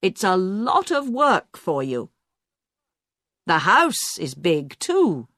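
A woman's voice: on the low side, huge pitch swings, takes it slowly, fairly bright tone, dry recording, studio quality, full character voice. Casting: patient, coaxing grown son, woman reader.

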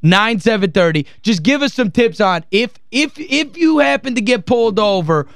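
A man's voice: very high-pitched, big pitch swings, normal speed, vocal fry, dry recording, clean studio sound. A man hosting a talk radio show, giving the phone number, reading scores and taking calls with energy.

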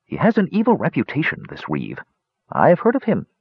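A man's voice: fairly high pitch, huge pitch swings, brisk, creaky, breathy edge, no echo, highs cut off, pitched above the performer's own voice, exaggerated voice. Man doing Raistlin, a cold cryptic mage. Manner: cool, cryptic, humorless. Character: cold, secretive young male mage.

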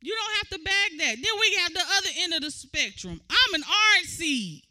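Bright, high-pitched woman preaching. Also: big pitch swings, normal speed. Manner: builds from conversational teaching to shouted exhortation. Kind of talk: sermon.

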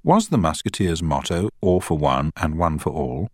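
A man voicing a sharp young male barrister who asks pointed, probing questions. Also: very deep voice, lively intonation, normal speed, dry recording, studio quality.

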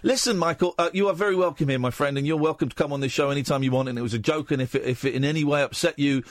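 A man's voice: on the high side, rapid-fire, no room sound, studio quality. A man hosting a late-night radio phone-in, joking and effusive with callers. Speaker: radio host.

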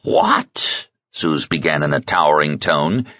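Low husky guy reading a novel, lively, close dry slightly dull recording. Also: normal speed, dry recording. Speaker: audiobook narrator. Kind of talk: scripted narration. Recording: slightly muffled sound.

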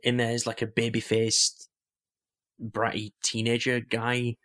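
A man's voice: medium pitch, monotone, measured pace, fairly bright tone. A young man co-hosting a podcast in casual chat, rambling with lots of fillers and restarts. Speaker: podcast co-host.

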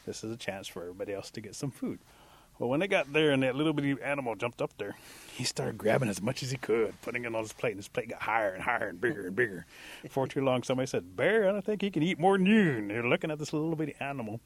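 A male storyteller tells an animal folk tale in a relaxed, chatty manner, his voice sitting at an ordinary middle pitch. He keeps it lively and easy, like talking to a friend. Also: very fast, breathy edge.

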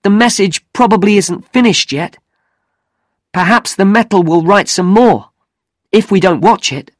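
A man voicing a practical, eager teenage boy in a storybook reading, speaking briskly. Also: high voice, no echo, clean studio sound, pitched above the performer's own voice. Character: teenage boy, keen photographer.

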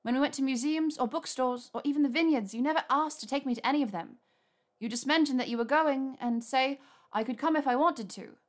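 A woman voicing a flustered, earnest young witch who talks in a rushed, nervous way. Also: high voice, pitched above the performer's own voice, close to an everyday voice.

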